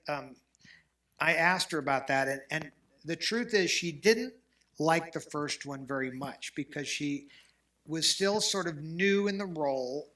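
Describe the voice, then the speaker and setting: A male host talks in a relaxed but animated way, opinionated and full of restarts. His voice is bright and forceful and sits a bit high for a man. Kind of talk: casual chat.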